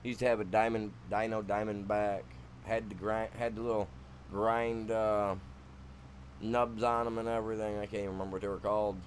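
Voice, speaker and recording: A man's voice: fairly low pitch, level tone, moderate pace, a little hiss or hum. A man from Michigan with a Michigan accent, chatting casually while streaming a game, rambling and slangy. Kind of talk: casual gameplay chat.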